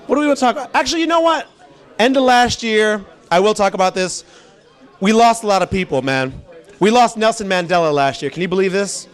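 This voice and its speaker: Guy doing standup, pretty high voice, rambly and animated, talks to the crowd a lot. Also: a little fast. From immigrant background. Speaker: stand-up comedian. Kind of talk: stand-up comedy set.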